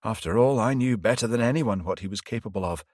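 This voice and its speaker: A man's voice: lowish voice, fast talker, a little mellow, dry recording, clean studio sound, pitched above the performer's own voice, lightly acted. A man voicing a frightened young male priest who speaks in an anxious, faltering way.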